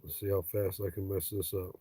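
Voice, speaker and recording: A man's voice: sits low, level tone, a little fast, warm tone, a little hiss or hum. A man from Ohio hosting a casual livestream chat with viewers, talking in a blunt, profane, joking way. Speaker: livestream host.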